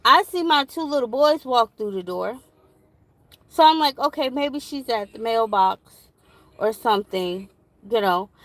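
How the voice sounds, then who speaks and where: A young woman recounts a family story in a casual vlog. She speaks slowly, in a fairly high voice. Her telling rambles and grows animated, with plenty of fillers. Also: dry recording, rough recording. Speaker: parent vlogger.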